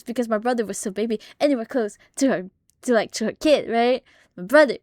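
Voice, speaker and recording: A young woman streamer telling family stories in casual, swear-heavy chat, animated and laughing often. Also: fairly high pitch, a little fast, no echo, studio quality. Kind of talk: casual storytelling on a live stream.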